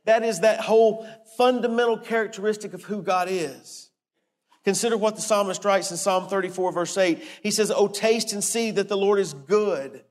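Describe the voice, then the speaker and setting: A man preaching a sermon in an earnest, deliberate way, slowing down to stress key words. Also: high voice, long reverb tail. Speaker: pastor.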